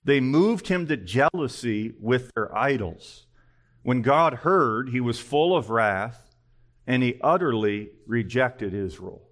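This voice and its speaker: A man's voice: medium pitch, lively intonation, takes it slowly, fairly bright tone. A male pastor preaching an earnest sermon, full of pointed rhetorical questions.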